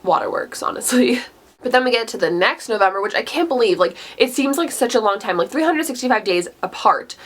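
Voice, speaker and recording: A woman's voice: a little high, lively intonation, brisk. A woman in a casual book talk vlog, gushing with enthusiasm, laughing often and filling her talk with "like". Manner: gushing, enthusiastic, frequent "like" fillers; laughs often mid-sentence. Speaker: book reviewer.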